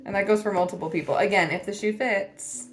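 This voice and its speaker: A woman's voice: medium pitch, a little fast, music in the background. A woman giving a casual spiritual reading to camera, blunt and teasing, swearing often as she delivers tough love. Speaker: tarot reader.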